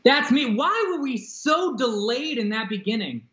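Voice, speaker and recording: A man cohosts a podcast from another city, teasing his friends in an easy way. His voice sits at a middle pitch and comes through a slightly dull line. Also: very animated, measured pace, fairly bright tone. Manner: teasing, laid-back. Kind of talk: casual chat.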